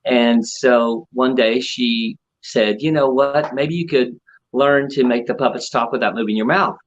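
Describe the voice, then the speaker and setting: A man, a ventriloquist, telling his story in a relaxed interview with many fillers. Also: mid-range voice, measured pace, slight background noise. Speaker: ventriloquist guest. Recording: dull lo-fi audio.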